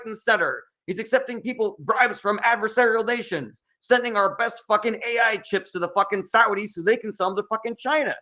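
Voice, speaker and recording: A man's voice: sits high, sharp tone. A man hosting a political livestream, reading chat questions and answering in heated, profane rants.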